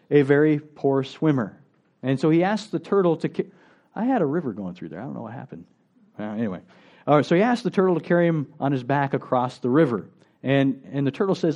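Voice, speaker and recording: Male pastor, conversational sermon, mellow tone, slightly lo-fi recording. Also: mid-range voice. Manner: conversational, asks the congregation rhetorical questions.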